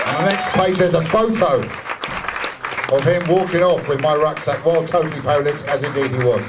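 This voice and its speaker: A man's voice: on the high side, brisk, distant mic, some chatter behind, slight background noise. A man reciting comic rhyming poetry live, punchy, with wry asides. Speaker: performance poet. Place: live music pub venue.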